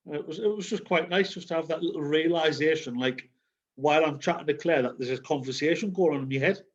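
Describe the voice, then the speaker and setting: A man shares a personal story with a candid, sweary bluntness. His voice sits a little high for a man, and it comes through dull and lo-fi over a video call. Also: fast. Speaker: community group member. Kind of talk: casual group sharing.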